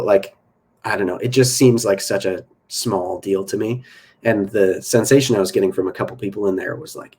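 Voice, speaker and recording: A man's voice: fairly low pitch, a little mellow, slightly rough. A man hosting his own podcast, talking alone in a casual, opinionated and rambling way with many fillers and restarts. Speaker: podcast host. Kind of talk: casual solo podcast monologue.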